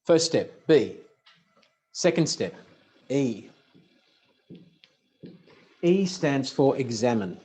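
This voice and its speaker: A man's voice: mid-range voice, big pitch swings, drawn-out words, long pauses, warm tone, slightly rough. A man giving a motivational talk from a stage, punchy and humorous as he tells stories. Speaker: speaker.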